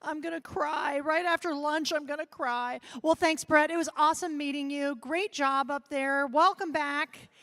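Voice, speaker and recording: Female live-stream host; high pitch, upbeat friendly chat. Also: fairly even intonation, moderate pace, hardly any pauses, a bit bright. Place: live desk at a convention.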